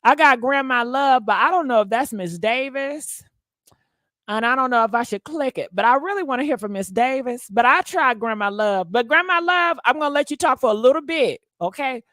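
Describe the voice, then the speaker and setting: A woman's voice: sits high, moderate pace, fairly bright tone, dry recording. A woman hosting a live gossip stream who exclaims a lot and talks straight to her viewers. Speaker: gossip channel host.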